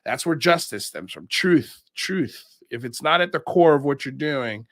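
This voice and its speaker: This is a livestream host going through chat comments. He rambles casually with plenty of fillers and laughs, sounding animated, and his mid-range voice moves a little slowly. It's studio-quality audio without any room sound.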